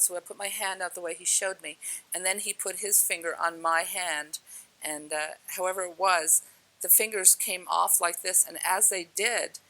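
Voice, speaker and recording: A woman speaker telling a personal spiritual story to an audience, animated, with frequent laughs and fillers. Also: fairly low pitch, low-quality recording.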